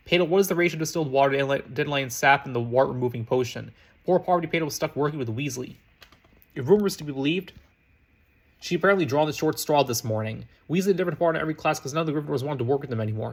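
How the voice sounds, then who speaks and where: A man narrating a fan fiction story aloud, hurrying through the text and often stumbling and restarting words. His voice sits a bit high for a man, and the pace is very quick. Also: gravelly, husky. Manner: rushed, frequent slips and restarts. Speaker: reader.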